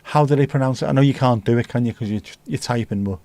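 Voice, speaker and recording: Swearing livestream host. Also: male voice, medium pitch, fast, mellow, no echo. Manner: banter with swearing and mock accents. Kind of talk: casual livestream chat.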